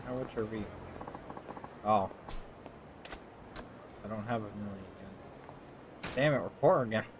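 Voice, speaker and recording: A man's voice: on the low side, takes it slowly, noisy background. A man giving casual, rambling let's-play commentary, joking and swearing as he plays. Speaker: gamer. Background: game music.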